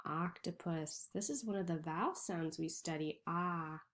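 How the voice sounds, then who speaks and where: A woman teacher giving a reading lesson to young children, slowly sounding out letters and words. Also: lowish voice, animated. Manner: slow, clearly sounding out letters.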